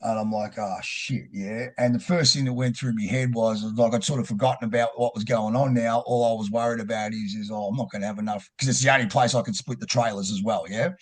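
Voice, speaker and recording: A man with an Australian accent telling a personal story in a halting, rambling way, swearing freely. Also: mid-range voice, steady tone. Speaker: podcast guest.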